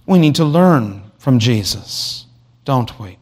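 A man's voice: mid-range voice, sing-song, slow, a little mellow. A man preaching an expository sermon, asking rhetorical questions and reading scripture aloud. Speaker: pastor.

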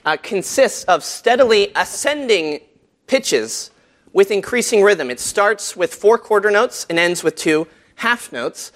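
A man with a somewhat high voice lectures a group on church music. He talks in a relaxed, conversational way, drops in frequent ums and uhs, and throws questions out to his listeners. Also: unhurried. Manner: conversational, asks the audience questions, many fillers.

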